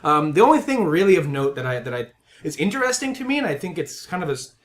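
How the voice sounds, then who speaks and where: A man's voice: a little high, very animated, fast talker. A man hosting a casual video game podcast, telling a long story animatedly and acting out the voices of the people in it. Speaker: podcast host. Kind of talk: casual chat.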